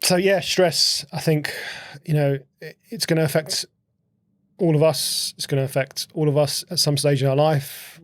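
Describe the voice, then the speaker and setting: Gravelly-voiced man explaining casually. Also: on the high side, no echo, clean studio sound. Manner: repeats and restarts words, asks questions. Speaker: podcast co-host.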